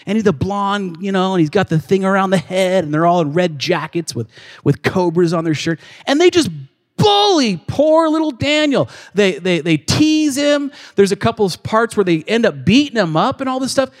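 A man's voice: sits high, expressive, moderate pace. A male pastor preaching a sermon in a church, telling a story animatedly and acting out its scenes. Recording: long reverb of a large hall.

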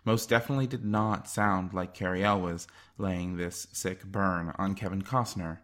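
A man's voice: sits low, steady tone, measured pace, a bit bright. A man narrating a scripted video essay in a wry, enthusiastic way.

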